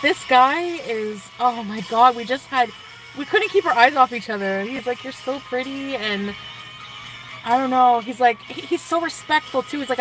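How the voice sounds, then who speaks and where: A woman's voice: fairly high pitch, normal speed, far from the mic, rough recording. Giddy gushing woman vlogger over music. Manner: giddy, gushing, full of likes and sighs. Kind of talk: casual chat to viewers. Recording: music in the background. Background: music playing.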